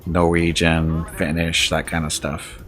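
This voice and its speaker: A man's voice: low voice, completely flat delivery, unhurried, a bit bright, faint music behind. A man streaming a game, chatting in a laid-back, joking way and chuckling often. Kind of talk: casual gaming livestream chat.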